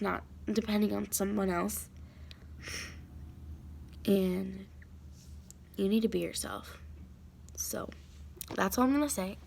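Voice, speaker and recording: A teenage girl vlogs from home in a rambling, heartfelt way, circling back with fillers and restarts. Her voice carries a noticeable gravelly fry, sitting at an ordinary pitch for a young woman. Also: a little hiss or hum. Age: teens. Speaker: vlogger. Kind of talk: casual confessional chat to camera.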